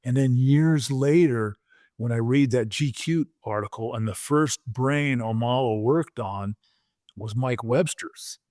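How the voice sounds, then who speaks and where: A former pro football player in his sixties tells stories as a podcast guest, animated in delivery, often repeating words and acting out quotes. His mid-range voice moves at a slow pace in a dry, clean studio recording.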